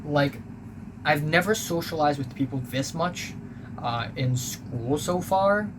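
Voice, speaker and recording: A man's voice: on the high side, slow pace. Rambling young man with a hum behind. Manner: rambling, full of ums and uhs, offhand and blunt. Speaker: vlogger recapping school life. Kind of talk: casual storytelling. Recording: home recording with steady background noise.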